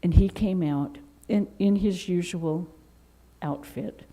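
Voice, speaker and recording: A woman from Seattle who is a nun, telling lively anecdotes in an interview and acting out quotes. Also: lowish voice, slow pace, poor audio. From Seattle, United States. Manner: animated, with laughter and acted-out quotes. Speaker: Vedanta nun.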